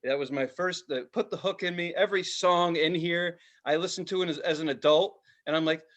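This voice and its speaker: A man's voice: a little high, brisk. A man in his forties, co-hosting a casual podcast chat, telling stories with lots of swearing and acted-out quotes. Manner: animated storyteller, swears freely, acts out quotes. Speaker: podcast co-host.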